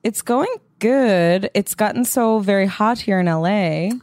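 A woman co-hosting a comedy podcast, making wry deadpan jokes in casual chat. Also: medium pitch, a little slow, no room sound. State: has the hiccups. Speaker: podcast co-host.

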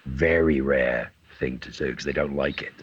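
A middle-aged man, a guest actor, telling anecdotes in a lively way and acting out what other people said. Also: rumbling low, moderate pace, breathy edge, no room sound. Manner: lively storyteller who acts out other people's lines. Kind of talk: anecdotal storytelling. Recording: dull lo-fi recording.

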